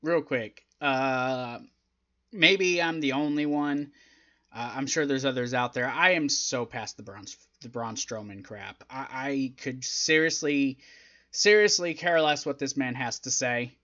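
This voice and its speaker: A man reviewing a wrestling show, talking casually and getting exasperated, with a rambling, animated delivery. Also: medium pitch, a little slow, highs cut off.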